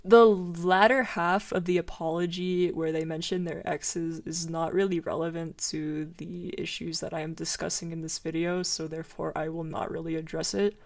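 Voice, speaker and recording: A woman giving commentary on an online apology, blunt and openly sarcastic, cursing freely. Between jabs she slows into calm, measured reasoning. Her voice sits a little low. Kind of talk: commentary reacting to a written apology.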